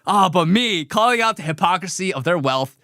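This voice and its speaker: A man hosting a live commentary show, talking in an animated, sarcastic way. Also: high-pitched, fairly quick, dry recording, clean studio sound. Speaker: show host.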